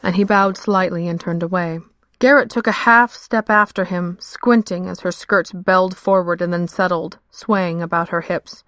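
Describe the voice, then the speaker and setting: A woman narrating a fantasy story in a measured, steady storytelling manner. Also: fairly low pitch, no room sound, clean studio sound. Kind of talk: scripted fiction narration.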